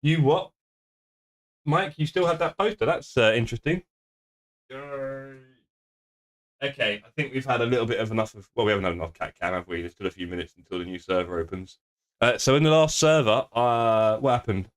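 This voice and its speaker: A man's voice: mid-range voice, lively intonation, a little fast. A man, streaming sim racing and bantering casually with his live chat, joking and laughing often. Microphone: desk streaming microphone.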